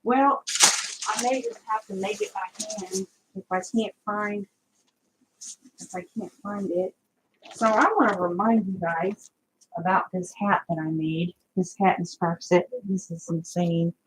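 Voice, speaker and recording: A woman's voice: medium pitch, fairly even intonation, measured pace, a little hiss or hum, low-quality recording. A woman vlogging a crochet tutorial in a casual, rambling way, talking to her viewers as she hunts for her supplies. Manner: chatty, scattered, talks to viewers while searching.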